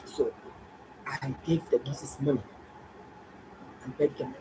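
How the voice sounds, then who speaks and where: A middle-aged woman, a doctor, telling viewers a story in a casual, animated and exclaiming way. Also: a bass voice, slow, background noise. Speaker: doctor and health vlogger.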